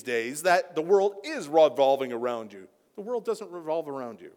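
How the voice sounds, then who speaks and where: A man preaching a sermon as a pastor, impassioned, rising to near-shouting peaks. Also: on the high side, very animated, moderate pace, hardly any pauses. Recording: long hall reverb.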